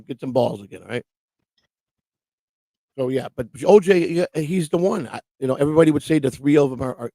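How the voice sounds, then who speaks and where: Gravelly man ranting on a livestream. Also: medium pitch, warm tone, no room sound. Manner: profane, rambling, quotes people mockingly. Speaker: livestream show host. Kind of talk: casual ranting chat. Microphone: livestream microphone.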